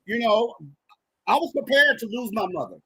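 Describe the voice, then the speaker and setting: A man in his thirties, a podcast guest, telling a personal story in an animated, emphatic way. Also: very high-pitched, normal speed, husky, no room sound, low-quality recording. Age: 30s.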